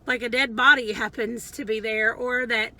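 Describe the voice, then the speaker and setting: A woman's voice: fairly high pitch, steady tone, moderate pace, sharp tone, rough recording. A woman chatting casually about a book she read, rambling and chatty. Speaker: book vlogger. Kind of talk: casual book review chat.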